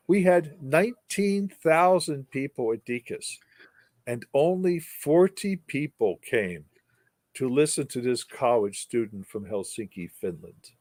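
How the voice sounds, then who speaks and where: An older man speaks as a guest, spinning a long anecdote with wry humor and emphatic repeated words. His voice sits at a middle pitch and is recorded dry and close. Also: slow pace, no room sound. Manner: wry, animated storyteller with emphatic repetition. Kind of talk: storytelling in an interview.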